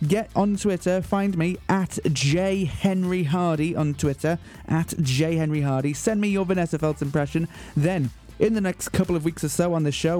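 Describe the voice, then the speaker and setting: Goofy radio dj guy, kinda high voice, mellow, over the top excited. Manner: playful, mock-theatrical, excitable. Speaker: radio host. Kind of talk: jokey community radio patter.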